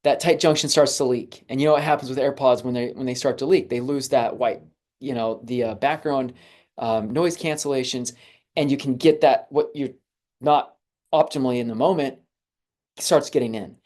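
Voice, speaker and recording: A physician presenting health slides to viewers in a relaxed, conversational way, with frequent fillers and restarts. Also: male voice, mid-range voice, normal speed.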